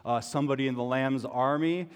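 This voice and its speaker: A man's voice: mid-range voice, a little fast, smooth. A man giving a sermon as a pastor, conversational and full of rhetorical questions. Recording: long hall reverb.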